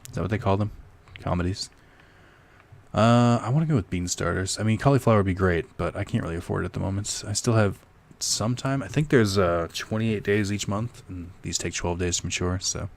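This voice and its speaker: A man's voice: deep voice, normal speed, gravelly. A young man giving casual let's-play commentary, rambling and joking with profane asides. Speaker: gaming streamer.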